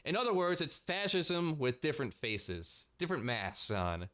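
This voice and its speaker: A man's voice: a little high, sing-song, moderate pace, fairly bright tone. A man delivering a sarcastic, profanity-heavy commentary rant as a vlogger.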